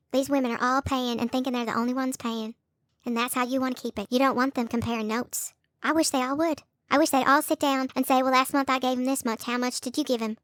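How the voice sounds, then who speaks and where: Scolding woman, high voice. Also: fairly bright tone, no room sound, clean studio sound. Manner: scolding, sarcastic, mocks others in high put-on voices. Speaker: YouTube commentator. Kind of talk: confrontational call-out rant.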